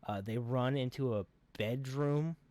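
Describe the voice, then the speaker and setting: A man's voice: medium pitch, measured pace, a little mellow. A man co-hosting a podcast, casually recapping a film in a rambling, profane, sarcastic way. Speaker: podcast co-host.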